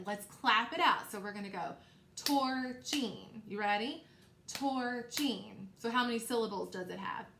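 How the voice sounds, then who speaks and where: A woman teacher leading a recorded phonics lesson for young children, slow and encouraging, repeating sounds for them to echo. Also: mid-range voice, fairly bright tone, a little hiss or hum.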